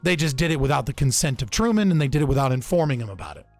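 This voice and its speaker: A young man on a podcast talks through political history in a loose, profane, casual way, frequently restarting his sentences. His medium-pitched voice is lively in intonation and very fast, with faint music in the background.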